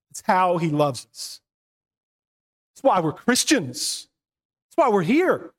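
A pastor preaching a sermon, earnest, moving between hushed and emphatic passages. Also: male voice, high voice, very animated, takes it slowly, long pauses.

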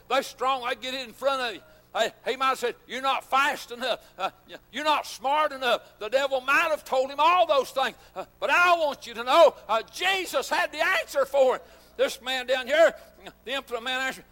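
A man preaching a fervent sermon as pastor, full of "uh" fillers and sudden shouted bursts. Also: very high-pitched. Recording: long hall reverb.

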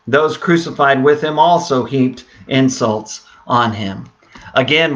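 A man's voice: mid-range voice, fairly bright tone. A male pastor preaching a sermon, reading scripture aloud with rising emphasis between plain, hesitant explanation. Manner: hesitant fillers, repeats words.

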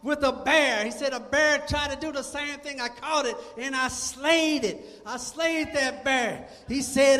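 A male preacher delivers a fervent sermon in a very high voice and breaks into shouts to drive points home. His voice rings through a church sanctuary with a long, hanging reverb. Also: moderate pace, hardly any pauses, faint music behind.

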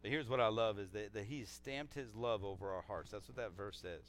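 A man preaching a sermon in a conversational way, repeating phrases and swinging between loud exclaims and soft, low scripture reading. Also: a little fast, slight background noise. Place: church service.

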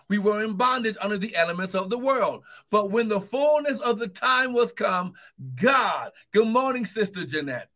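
Preacher, male, high and bright voice, slow deliberate delivery, fervent with shouted praise. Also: animated. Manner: fervent, bursts into shouts of "woo, glory"; calls out repeated encouragements to listeners. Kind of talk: sermon. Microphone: streaming live to online viewers.

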